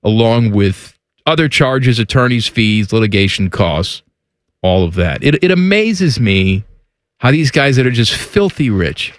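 A man co-hosting a casual talk show, animated, often laughing and exclaiming. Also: medium pitch, unhurried, dry recording, studio quality. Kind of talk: casual chat.

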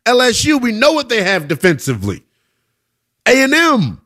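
A man hosting a live sports radio show, hyping scores with swings between loud calls and low asides. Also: huge pitch swings, normal speed.

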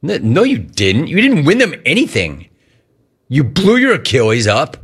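Animated, sarcastic male sports radio host. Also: a little high, normal speed, breathy edge. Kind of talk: sports talk radio rant.

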